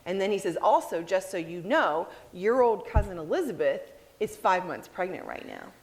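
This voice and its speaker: Give me a woman preaching a sermon with expressive storytelling. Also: lowish voice, moderate pace, big-room sound. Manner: expressive storytelling, acting out quoted lines.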